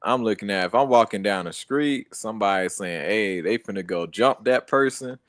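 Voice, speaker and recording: A man's voice: fairly low pitch, normal speed, fairly bright tone, no echo, studio quality. A young American man co-hosting a casual streamed chat, laid-back and slangy, laughing often. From United States. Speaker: co-host.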